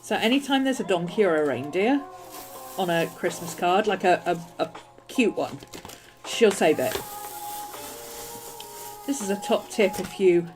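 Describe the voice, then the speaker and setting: Chatty woman, lively crafting chat. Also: mid-range voice. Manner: chatty, rambling, self-amused. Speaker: planner and journaling channel host.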